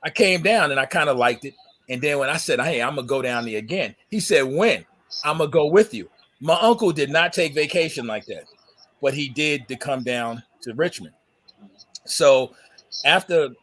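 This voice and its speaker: Animated New storyteller man. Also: medium pitch. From New York. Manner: animated storyteller, laughs often. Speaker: guest. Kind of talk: casual podcast chat.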